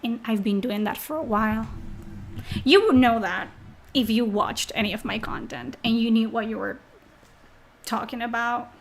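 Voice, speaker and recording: Mocking woman streamer, fairly high voice. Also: normal speed, pauses often, slight background noise. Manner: mocking, sarcastic, profane. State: sick. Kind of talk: live stream chat reading.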